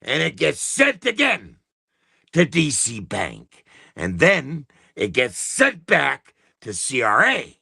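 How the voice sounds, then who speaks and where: A man's voice: a little high, wildly swooping pitch, slow, gravelly, pushed and bright, breathy edge, dry recording, studio quality. A Canadian man hosting a live broadcast, delivering a heated, profane rant. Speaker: livestream host. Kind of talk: angry ranting monologue.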